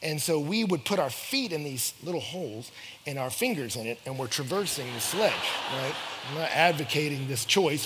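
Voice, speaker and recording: A young man telling a story to an audience, acting out the quoted lines with big jumps in pitch and loudness. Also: breathy edge. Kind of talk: animated storytelling talk. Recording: echoey hall with faint noise.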